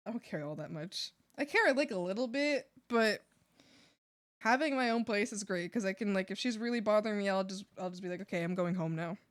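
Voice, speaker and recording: A young woman art streamer chatting casually while she draws, telling stories in an animated, giggly way full of fillers. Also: mid-range voice. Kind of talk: casual chat while drawing. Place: home room.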